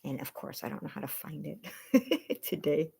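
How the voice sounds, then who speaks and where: A woman's voice: low-pitched, animated, normal speed, vocal fry, mellow, slightly rough. A woman vlogger talking casually to her viewers in a rambling, self-conscious way, laughing between thoughts and close to tears.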